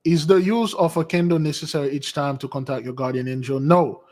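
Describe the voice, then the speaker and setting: Man, high-pitched, casual spiritual talk host, rambling storyteller, animated, answers viewer questions. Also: fairly quick. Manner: rambling and animated, restarts mid-sentence; jumps to a higher voice when quoting women.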